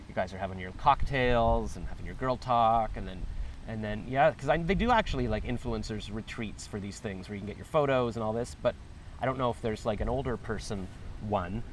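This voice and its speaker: A man's voice: fairly low pitch, fairly quick, slight background noise. A middle-aged man hosting a podcast interview, talking in a playful, rambling way and riffing with jokes. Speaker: podcast host.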